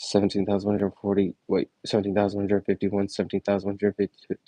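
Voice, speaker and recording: A young man live streaming, counting numbers quickly and chatting with viewers in a low-key, filler-heavy way. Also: monotone, warm tone, no echo, low-quality recording. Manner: rapid, low-key counting broken by chatty asides with many "like"s. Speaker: livestreamer.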